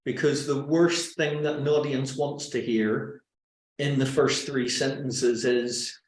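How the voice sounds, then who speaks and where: A man's voice: medium pitch, takes it slowly, slight background noise. Northern Irish man, joking presenter, roomy sound. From Northern Ireland. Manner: lively and joking, with self-mocking anecdotes. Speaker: webinar presenter. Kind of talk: presenting a public speaking workshop. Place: indoors, on a video call. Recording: roomy echo.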